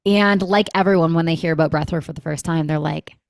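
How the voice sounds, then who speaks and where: Woman in her 30s, deep for a woman, lively storyteller, dry close mic, podcast guest. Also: fast, gravelly, no room sound. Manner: animated, acts out quoted dialogue, frequent "like". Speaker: guest, breathwork company founder. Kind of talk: conversational storytelling.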